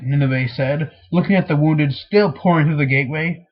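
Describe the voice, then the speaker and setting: A man's voice: on the high side, moderate pace, hardly any pauses. A man reading a fantasy novel aloud, stumbling and restarting often, in a dull, lo-fi home recording. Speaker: reader.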